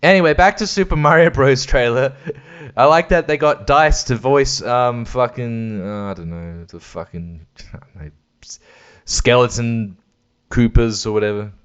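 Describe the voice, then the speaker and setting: A man's voice: mid-range voice, normal speed, clean tone, highs cut off. Sweary rambling man. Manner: sweary, rambling, laughs often, mimics voices. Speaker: podcast host. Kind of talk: casual solo chat.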